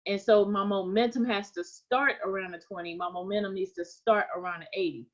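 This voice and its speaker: A woman's voice: mid-range voice, steady tone, a little fast, muffled recording. A woman teaching forex trading in a live stream, talking conversationally, repeating her points and often checking in with "right?". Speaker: trading coach.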